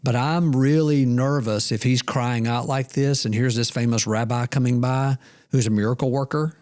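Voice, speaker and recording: A man co-hosting a faith podcast in a casual, conversational way. His voice sits at a middle pitch, and he tells stories in a reflective, self-deprecating manner. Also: steady tone, normal speed, a little mellow. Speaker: podcast co-host.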